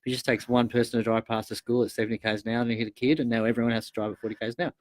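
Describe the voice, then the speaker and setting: A man's voice: medium pitch, fairly even intonation, very fast, no room sound. An Australian man in casual conversation, trading jokes and stories as a guest guitarist. His voice sits in an ordinary middle register. The sound is close and dry, with no room around it. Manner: joking, storytelling. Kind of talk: casual chat.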